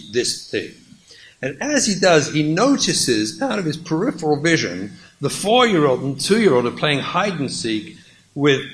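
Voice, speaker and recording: A man, a rabbi, telling a lively story in a lecture and acting out the dialogue. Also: medium pitch, a little hiss or hum, poor audio.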